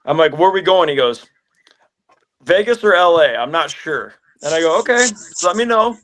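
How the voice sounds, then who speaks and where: A musician in a casual interview, telling stories with lively acted-out phone calls. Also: male voice, on the high side, moderate pace, slight background noise. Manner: animated storyteller, acts out phone calls.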